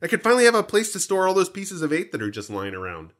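A man's voice: high voice, huge pitch swings, fast talker, fairly bright tone. An American man co-hosting a podcast in a jokey, playful, theatrical chat. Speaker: podcast co-host.

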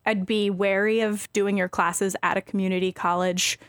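A woman's voice: medium pitch, level tone, moderate pace, no room sound, studio quality. A woman in her twenties from California, a medical student co-hosting a casual podcast, chatty and self-deprecating.

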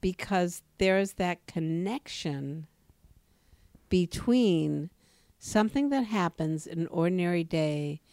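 Woman telling stories on a podcast, kinda low voice, gets emphatic, dry sound. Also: takes it slowly, dry recording. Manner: animated storyteller, emphatic rises in pitch. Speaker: podcast co-host. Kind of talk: casual podcast conversation.

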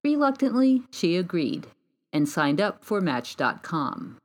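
A woman narrating a podcast story in a scripted, expressive style. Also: lowish voice, a little slow.

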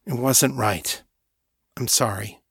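A man's voice: medium pitch, takes it slowly, creaky, fairly bright tone, breathy edge, no room sound, studio quality, heavily acted. A man voicing an awkward young man with godlike powers, stammering and apologetic.

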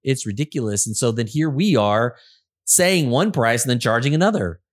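A man's voice: mid-range voice, lively intonation, moderate pace, no echo, studio quality. A middle-aged man co-hosting a casual podcast, talking in a rambling way with many restarts. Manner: rambling, full of restarts and fillers. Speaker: podcast co-host, auto service consultant.

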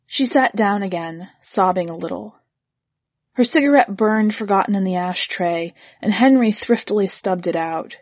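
Woman narrator, husky tone, dry close sound, steady storybook reading. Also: mid-range voice, moderate pace, no echo.

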